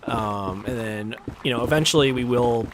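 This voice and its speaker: A man with a deep voice chatting casually while he plays a game on a livestream, rambling and filler-heavy, often chuckling. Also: moderate pace, noisy background. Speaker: livestream gamer. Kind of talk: casual gameplay chat.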